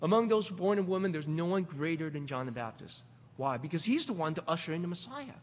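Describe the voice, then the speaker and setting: A middle-aged man preaches with a high voice that rises and falls widely. He asks rhetorical questions and repeats words as he presses his points. The sound is dull and carries a long hall reverb. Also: lively intonation, fast talker, a little hiss or hum. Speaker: pastor. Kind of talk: sermon.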